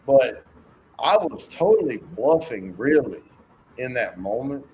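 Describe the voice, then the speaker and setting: A man's voice: medium pitch, sing-song, unhurried, darkish tone, highs cut off, slight background noise. A man telling rambling, profane stories in a casual chat and acting out the voices in them. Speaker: co-host.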